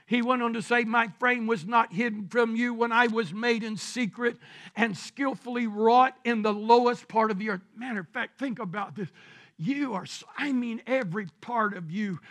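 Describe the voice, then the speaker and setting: A man preaching a sermon as pastor, shouting his points and drawing out scripture verses slowly. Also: sits high, gravelly. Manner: preaching with shouted emphasis and drawn-out scripture reading.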